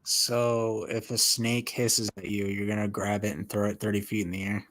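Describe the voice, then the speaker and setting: A man's voice: fairly low pitch, little pitch movement, moderate pace, a bit bright, dry recording. A young man co-hosting a live stream, teasing his friend with playful, challenging questions. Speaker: co-host of a fan live stream. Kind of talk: casual live stream chat.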